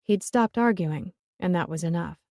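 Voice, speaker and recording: A woman's voice: lowish voice, moderate pace, a little mellow, dry recording, studio quality. A woman narrating a romance audiobook in first person, in a wry, conversational manner.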